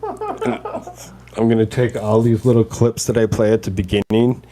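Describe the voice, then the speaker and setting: A man's voice: on the low side, wildly swooping pitch, a little slow, dark tone. A man hosting a casual podcast chat, rambling along with lots of fillers and restarts. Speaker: podcast host.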